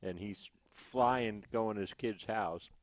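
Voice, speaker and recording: A man's voice: lowish voice, slow pace, no echo. A man in casual podcast chat, telling a story in an easygoing, rambling way, recorded in a gym. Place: MMA gym cage.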